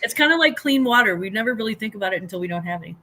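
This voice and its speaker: An American woman who is a guest on a casual livestream, talking loudly and laughing often as she chats. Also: medium pitch, rapid-fire. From United States. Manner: loud, laughs often, animated.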